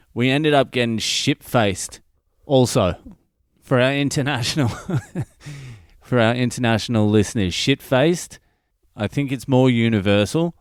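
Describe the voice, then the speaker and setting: A man's voice: lowish voice, clear, resonant tone, no echo, studio quality. A middle-aged Australian man hosting a comedy podcast, telling a listener's story in a sweary, wry monologue.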